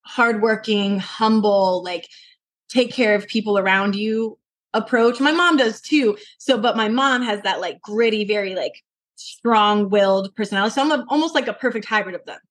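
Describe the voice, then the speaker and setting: A young adult woman from Colorado, a podcast guest, talking earnestly and telling animated stories with lots of fillers. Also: medium pitch, normal speed. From Colorado, USA. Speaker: podcast guest, martial arts instructor. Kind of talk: casual interview talk.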